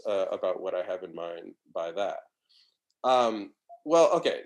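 A middle-aged man with a mid-range voice gives an academic philosophy lecture. He talks discursively, full of restarts and fillers.

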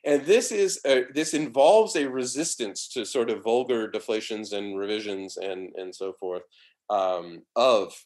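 A man's voice: on the low side, unhurried, darkish tone. Discursive man lecturing, many restarts. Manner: discursive, frequent restarts and fillers. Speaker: philosophy lecturer. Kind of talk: academic lecture.

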